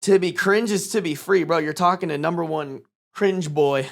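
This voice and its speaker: A man's voice: a little high, normal speed, gravelly, no echo, clean studio sound. A man streaming live from home, chatting casually and cooing in playful baby talk to his cat, swearing freely. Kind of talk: casual livestream chat.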